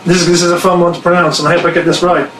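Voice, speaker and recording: A man's voice: high-pitched, level tone, rapid-fire, fairly bright tone. A man reading out fan questions in a casual live Q&A, chatty and self-deprecating, laughing easily. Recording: echoey room, faint noise.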